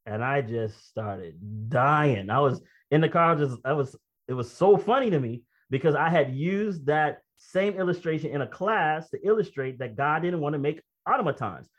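A man preaching a sermon, reading quotations slowly and then commenting in a conversational, emphatic way with personal stories. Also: on the high side, expressive. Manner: reads quoted text slowly, then comments conversationally and emphatically, often laughing. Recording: dull lo-fi recording.

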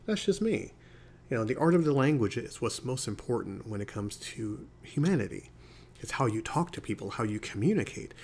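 A man in his forties hosting a solo podcast, musing calmly about life, with rhetorical asides. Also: mid-range voice, gravelly, slight background noise. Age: 40s. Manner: calm, reflective, preachy musing with rhetorical asides. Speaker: podcast host.

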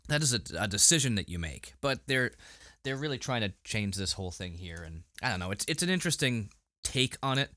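Bright-voiced man recapping a TV episode. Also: lowish voice, very animated, a little fast, no room sound. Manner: recaps scenes with frequent fillers and restarts. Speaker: podcast co-host. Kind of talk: casual episode review chat.

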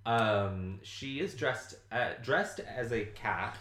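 A man's voice: mid-range voice, takes it slowly, a bit bright, echoey room, slight background noise. A man casually recapping a TV episode with a co-host, swearing and laughing often. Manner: profane, joking, laughs often. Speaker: podcast co-host.

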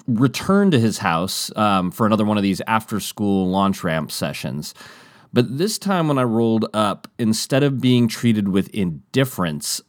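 Male storyteller, low voice, very animated delivery, dry close mic. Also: no room sound. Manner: animated, jumps to high voices when quoting others; rambling with frequent restarts and fillers. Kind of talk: casual personal storytelling.

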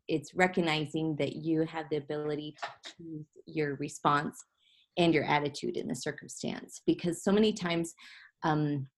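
A woman talking as a podcast guest in casual chat, reflective and quick to laugh. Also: low-pitched, steady tone, slight background noise. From grew up on a ranch. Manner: warm, reflective, laughs often.

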